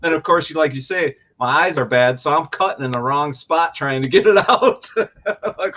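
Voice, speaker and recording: A man's voice: fairly high pitch, normal speed, pushed and bright. A man chatting casually on a livestream with an easygoing manner and frequent laughter. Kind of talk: casual chat. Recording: dull lo-fi sound.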